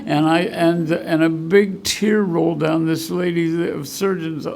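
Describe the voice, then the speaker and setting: A man's voice: a little high, fairly even intonation, a little slow, vocal fry, darkish tone, slight background noise. A man speaking as the guest speaker at a recovery meeting, telling a rambling, heartfelt personal story and choking up with emotion. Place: meeting room at a school.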